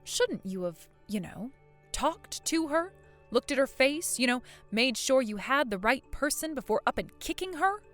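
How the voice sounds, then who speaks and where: Woman doing a fed-up daughter-in-law, fairly high, lively, keeps it patient. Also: measured pace, faint music behind, full character voice. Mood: reasoning. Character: calm put-upon daughter-in-law, young mother. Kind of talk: voiced text-story drama.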